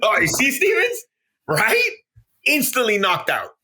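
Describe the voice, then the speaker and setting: An excitable man in loose podcast banter, swearing freely and jumping into voices to replay movie moments. His voice sits high and swings widely, with a very bright, forceful edge. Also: unhurried, slightly rough. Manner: excitable, swears a lot, acts out scenes in voices. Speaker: podcast co-host. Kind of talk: casual chat.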